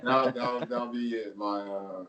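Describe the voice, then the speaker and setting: A man in a casual interview, talking about his matches in a loose, rambling way, laughing often. He sits a little back from the microphone, so the voice carries some distance. His pitch is mid-range. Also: steady tone, slow, fairly bright tone, lo-fi sound. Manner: laid-back storytelling, laughs often, filler words. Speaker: pro wrestler guest.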